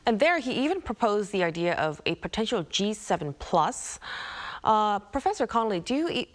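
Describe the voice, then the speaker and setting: A woman hosting a news discussion as anchor, composed, posing long, carefully framed questions to her guests. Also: on the low side.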